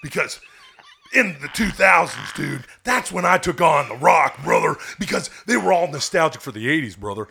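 Brief: man doing gravelly, hyped wrestler brag, bright and brash. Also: fairly high pitch, big pitch swings, normal speed, slight background noise, exaggerated voice. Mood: boastful. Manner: brash, says brother and dude constantly. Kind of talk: comedic impression.

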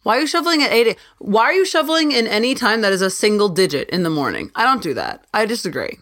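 A young woman hosting a casual solo podcast, ranting in an animated, self-interrupting way. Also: medium pitch, quick pace. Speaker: podcast host.

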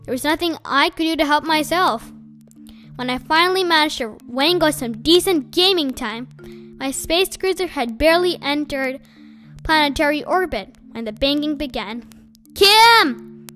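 Bright-voiced woman narrating an audiobook. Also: sits high, normal speed, soft background music. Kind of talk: first-person audiobook narration.

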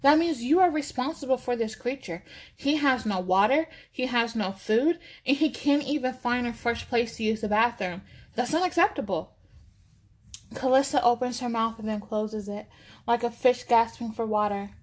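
A woman narrating a story in a steady, measured reading voice. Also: a little high.

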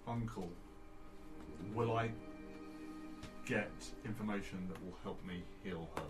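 A man playing a tabletop game, deliberate and pausing between phrases. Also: on the low side, far from the mic, loud music behind the voice. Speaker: player. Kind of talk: casual tabletop role-play chat.

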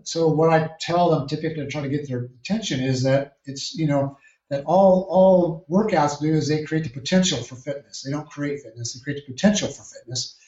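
A man, a triathlon coach, answering interview questions in a measured, explanatory way with frequent restarts. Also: fairly high pitch, darkish tone. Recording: echoey distant lo-fi call.

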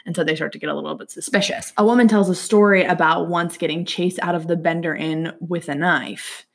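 A young woman casually telling a true-crime story on a podcast, acting out quotes with big jumps in pitch and sudden whispers. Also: fairly even intonation, a little fast, gravelly. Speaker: podcast co-host.

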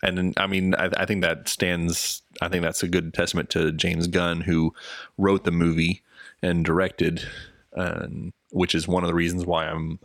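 Low gravelly man on a podcast. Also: flat delivery, dry recording, clean studio sound. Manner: halting, many restarts and fillers. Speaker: podcast co-host. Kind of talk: casual film podcast chat.

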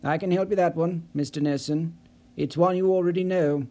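A man's voice: fairly high pitch, fairly even intonation, normal speed, mellow, close to an everyday voice. A man voicing a stern male investigator in an audiobook, speaking in a clipped, cold, authoritative way. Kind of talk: audiobook character voice.

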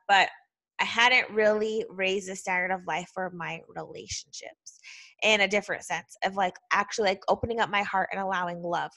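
A woman's voice: mid-range voice, sharp tone. A woman hosting a podcast, telling a personal story in a heartfelt, emotional way and saying "like" constantly. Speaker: podcast host.

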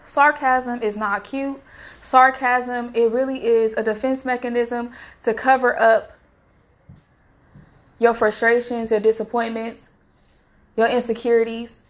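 A woman with a fairly high voice gives a casual devotional talk to her viewers. She speaks earnestly and urges them on the way a preacher would. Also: flat delivery, unhurried, pauses often. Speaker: faith vlogger sharing a devotional message.

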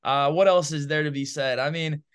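Smooth and a bit high-pitched at a normal speed, this man co-hosts a sports podcast, delivering opinionated football takes with plenty of energy and frequent fillers like "man" and "bro."

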